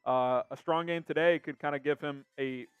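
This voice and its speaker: A man's voice: fairly high pitch, steady tone, normal speed, clean tone, no echo, muffled recording. A young man hosting a casual sports live stream, reading out viewer comments in an upbeat way.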